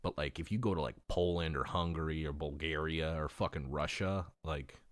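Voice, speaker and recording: A man's voice: rumbling low, normal speed, dry recording, clean studio sound. A man in his thirties hosting a podcast, chatting casually, swearing often and laughing easily. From California. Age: 30s. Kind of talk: casual profane chat.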